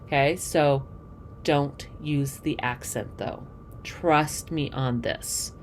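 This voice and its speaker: A woman's voice: deep voice, slow, a little hiss or hum. A woman teaching theater, giving students friendly, direct advice and repeating key points to review them. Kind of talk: instructional talk to students.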